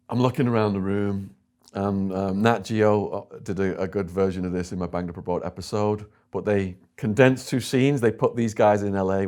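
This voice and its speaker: A man with an English accent, an interview guest telling a story and acting out what others said. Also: sits low. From England. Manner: animated storyteller voicing other people in quotes.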